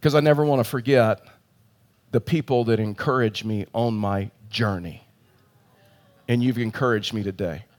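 A man's voice: fairly low pitch, moderate pace, long pauses, a little mellow, voice pushed down, lightly acted. A man voicing a friendly, chatty young man of about twenty who talks in a laid-back way and says "dude" a lot. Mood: sincere.

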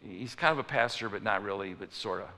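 A pastor with a lowish voice and a sharp tone preaches briskly, telling stories and acting out the people in them. The sermon carries the long reverb of a large hall.

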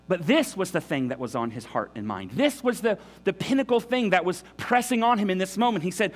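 A man's voice: high voice, lively intonation, fast, few pauses. A man preaching a sermon in an earnest, emphatic way, often restarting his sentences. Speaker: pastor.

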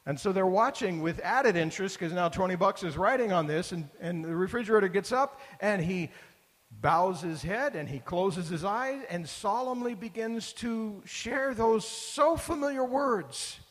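A man's voice: sits high, lively intonation, normal speed, big-room sound. A man preaching a sermon in a conversational way that rises to emphatic bursts. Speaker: pastor.

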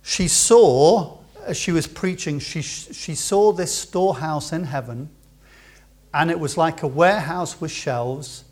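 Impassioned male pastor, fairly high voice. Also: takes it slowly. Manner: impassioned, swings between loud emphasis and quiet asides. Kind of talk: sermon. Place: church.

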